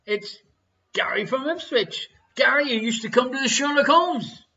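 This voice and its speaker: A man's voice: extremely high pitch, lively intonation, normal speed, sharp tone. An Irish man hosting a live online quiz show from home, jokey and chatty, reading each question twice and bantering with his partner. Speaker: quiz host. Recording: dull lo-fi stream audio.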